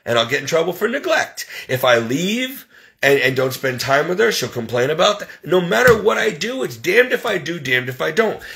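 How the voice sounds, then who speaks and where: A man with a higher-pitched voice, vocal fry and a sharp tone vents emotionally about his situation as a professional caregiver. His complaint comes out heated, aggrieved and religious in tone.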